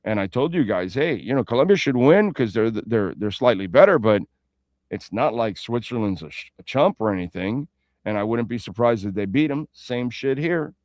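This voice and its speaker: A man's voice: medium pitch, expressive, moderate pace, a little mellow, dry recording, clean studio sound. A man hosting a sports radio show in a casual, rambling way, with playful asides and betting talk. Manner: reads sponsor ads and betting lines.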